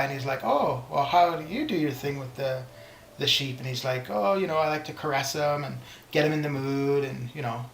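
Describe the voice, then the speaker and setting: A man's voice: on the high side, a bit bright. A man streaming a game, chatting casually and telling stories in a rambling, chatty way with many restarts. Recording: roomy with background music. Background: stream background music.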